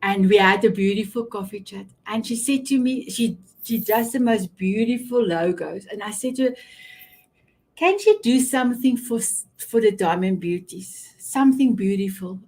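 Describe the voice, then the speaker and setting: Speaking at a normal speed in a medium-pitched, slightly mellow voice, a middle-aged woman from South Africa runs a live online show via video call. Her manner is gushing, with frequent repetition and restarts.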